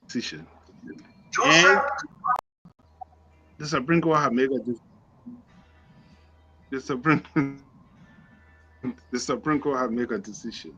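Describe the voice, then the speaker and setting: A man's voice: mid-range voice, slow, pauses often, sharp tone, muffled recording, soft background music. A man speaking as a guest on a political panel, evasive and repetitive, with the odd chuckle.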